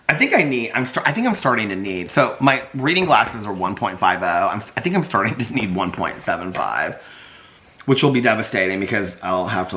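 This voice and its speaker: A middle-aged man vlogging casually, excitable and chatty, laughing often and using lots of fillers. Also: lowish voice, a little fast. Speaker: vlogger reviewing a graphic novel. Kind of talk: casual chat.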